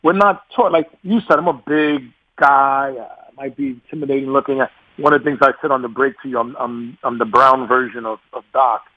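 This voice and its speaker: New york guy in his 40s on a radio show, husky, lots of laughs and restarts, muffled dry sound. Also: medium pitch, a little fast, few pauses, no room sound. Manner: animated, laughs often, repeats words as he restarts. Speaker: radio guest. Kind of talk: casual interview talk.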